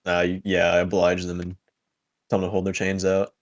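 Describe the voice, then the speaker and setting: A man playing a tabletop game, speaking slowly and unsure, half mumbling his moves. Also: sits low, monotone, no echo. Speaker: player.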